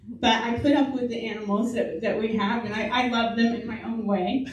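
A woman's voice: a little high, slight background noise. A middle-aged woman giving a chatty storytelling sermon at church, laughing often as she talks. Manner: chatty, laughs often while telling stories. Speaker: speaker at a church service. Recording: echoey church hall from a distant mic.

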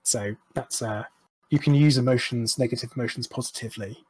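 A man's voice: mid-range voice, a little fast, a little mellow, slightly rough, dry recording. A young man talking candidly as an interview guest, frank and rambling, with restarts and self-deprecating asides. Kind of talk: candid personal conversation.

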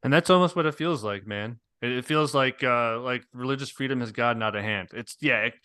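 A man's voice: medium pitch, a little fast, pushed and bright, clear, resonant tone, no echo, clean studio sound. A man co-hosting a podcast in casual chat, laid-back and loose, calling his friend dude and man. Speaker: podcast co-host.

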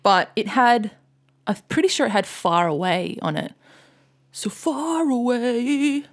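A woman's voice: mid-range voice, expressive, moderate pace. Chatty woman telling a story. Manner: storytelling, loose and swear-heavy, mimics angry fans in loud outbursts. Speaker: podcast co-host. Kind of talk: casual chat.

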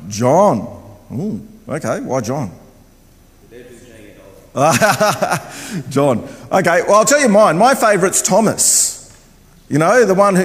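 An older man preaching a sermon in a church, loud and chatty, wandering about as he talks. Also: on the high side, expressive, slow. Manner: loud, chatty, wanders around while talking. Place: church hall. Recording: long hall reverb.

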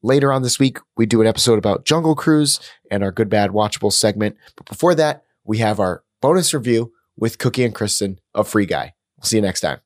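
A man's voice: fairly low pitch, expressive, brisk, hardly any pauses, dry recording, clean studio sound. A man hosting a movie podcast in casual chat, enthusiastic and upbeat, often repeating words as he goes. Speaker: podcast host.

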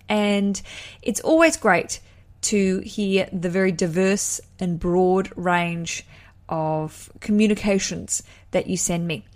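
A woman hosts her own podcast in an easygoing solo chat. She talks in a chatty, self-deprecating way, and her voice sits at a middling pitch for a woman. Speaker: podcast host.

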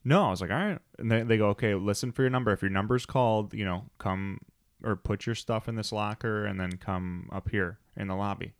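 A man with a low voice chats casually as a podcast co-host. He rambles through his stories and acts out other people's lines as he goes. The recording is dry and close. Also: a little fast, no echo. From United States. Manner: rambling storyteller, acts out quotes. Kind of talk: casual chat.

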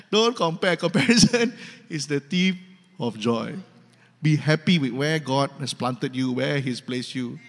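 A man's voice: medium pitch, expressive, a little slow. A male pastor with a Malaysian English accent preaching a sermon in an emphatic, repetitive, humorous way. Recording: long hall reverb.

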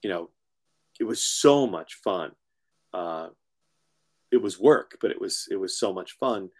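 Male author guest, low voice, relaxed storyteller, casual interview. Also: measured pace.

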